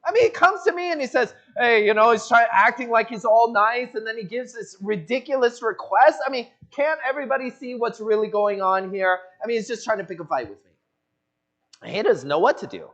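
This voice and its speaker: Animated preacher man, lively high voice. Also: fairly quick. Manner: animated, voices the people in the story. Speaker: pastor. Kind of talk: expository sermon with acted-out dialogue. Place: church sanctuary.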